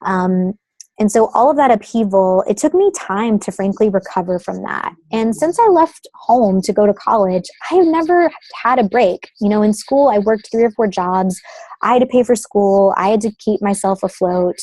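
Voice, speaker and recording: A chatty woman in her thirties tells her story as an interview guest, her voice mellow and warm. She leans on "like" and "um" as she talks over a phone call, and the sound is dry and close, with no room around it. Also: medium pitch, expressive, moderate pace, dry recording. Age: 30s. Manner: chatty, uses many fillers like "like" and "um". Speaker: guest, creative consultant.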